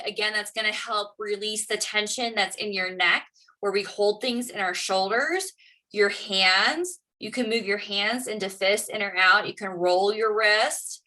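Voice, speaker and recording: A woman's voice: medium pitch, pushed and bright. A woman teaching public speaking, explaining and encouraging her students. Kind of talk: class lesson.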